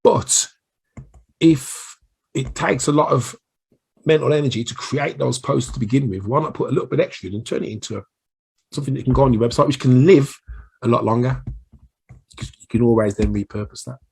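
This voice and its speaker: Chatty Brummie man, husky voice. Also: mid-range voice, fairly quick, long pauses, a little mellow. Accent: Birmingham English (Brummie). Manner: chatty, rambling, self-deprecating asides. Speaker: small business marketing coach. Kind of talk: casual solo video training. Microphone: recording himself on camera.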